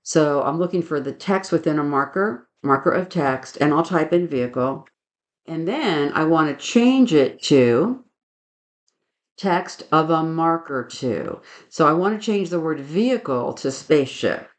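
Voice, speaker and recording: A woman teaching a software webinar, methodically explaining each click aloud and adding firm opinions on good practice. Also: low voice, expressive, measured pace. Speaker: software trainer. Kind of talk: screen-share webinar demonstration.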